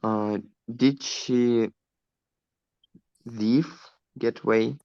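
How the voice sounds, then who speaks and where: A man, a student reading English sentences slowly and hesitantly in an online class. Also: medium pitch, fairly even intonation, mellow, clear, resonant tone, no echo, muffled recording.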